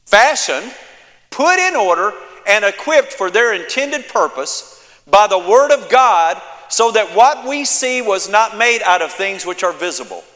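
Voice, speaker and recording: A male pastor delivering a sermon with emphatic repetition and call-and-response. His voice is high and bright, and it rings out through a hall with long reverb. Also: big pitch swings, measured pace.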